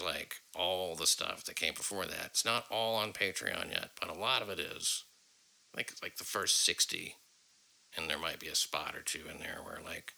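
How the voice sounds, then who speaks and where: A man's voice: low voice, creaky, bright, forceful tone, low-quality recording. A man hosting a podcast, talking in a rambling, profane way with many fillers. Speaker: podcast host. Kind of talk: casual podcast chat.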